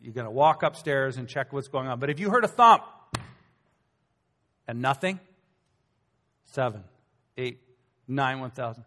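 A middle-aged man preaching a sermon as pastor, in a conversational, animated storytelling manner with acted asides. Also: a little high, moderate pace, pauses often. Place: church hall. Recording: long hall reverb.

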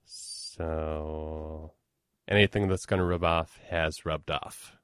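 Man, Minnesotan accent, very low voice, casual podcast host, rambling, dry sound. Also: fairly even intonation, slow, a bit bright, clean tone, dry recording. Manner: rambling, self-deprecating, lots of fillers. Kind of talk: casual conversation.

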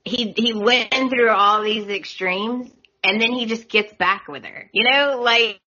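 A woman's voice: fairly high pitch, a little slow, bright, forceful tone, muffled recording. A woman hosting a podcast, chatting casually with exasperated opinions. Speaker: podcast host. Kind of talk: casual recap chat.

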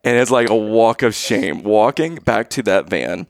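Animated man telling a funny story. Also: on the low side, unhurried, gravelly, dry recording, studio quality. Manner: animated, acts out his own past lines with loud outbursts. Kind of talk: casual storytelling chat.

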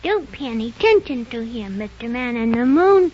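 A woman's voice: on the high side, big pitch swings, moderate pace, slight background noise. A woman voicing an earnest young boy who politely scolds others, in 1930s radio drama style. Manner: scolding, earnest, bright child-like delivery. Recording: muffled old radio recording.

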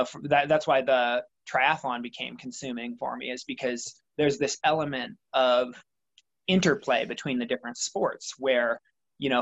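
A young adult man with a mid-range, slightly bright voice answers interview questions about what motivates him, and the audio is lo-fi. He's a triathlete guest in a reflective, conversational interview, thinking aloud and rambling with plenty of fillers.

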